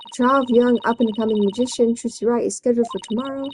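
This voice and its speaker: A woman's voice: on the high side, fairly even intonation, quick pace, darkish tone, a little hiss or hum, lightly acted, rough recording. A woman voicing an eager, sensationalist TV reporter with a newscaster delivery.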